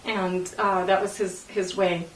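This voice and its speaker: A woman interviewee recalling a painful memory, halting and emotional, with many fillers and laughing through tears. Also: medium pitch, little pitch movement, slight background noise. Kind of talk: personal recollection in an interview. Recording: roomy, distant mic.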